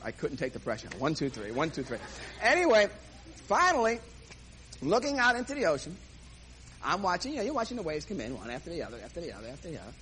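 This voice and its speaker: A man's voice: a little high, wildly swooping pitch, quick pace, a bit bright, a little hiss or hum, rough recording. A man comedian telling a self-mocking story on stage and acting out the dialogue. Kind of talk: stand-up storytelling.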